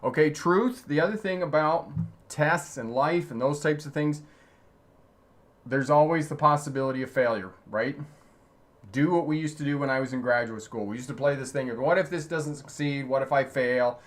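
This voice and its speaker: A man's voice: a little high, normal speed, a bit bright. Chatty man answering live-stream chat. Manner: chatty, laughs often, repeats points. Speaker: driving instructor hosting a live stream.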